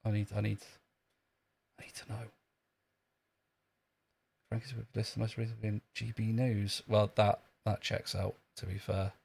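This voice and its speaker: Gravelly sardonic streamer man. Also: lowish voice, monotone, unhurried, pauses often, a little mellow. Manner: dry, sardonic, joking. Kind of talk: casual live-stream chat. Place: outdoors in a long queue.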